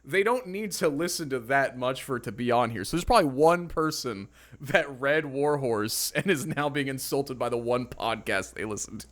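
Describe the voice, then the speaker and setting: A man's voice: medium pitch, normal speed, hardly any pauses, fairly bright tone. A man co-hosting a podcast in casual chat, playful and laughing often. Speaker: podcast co-host.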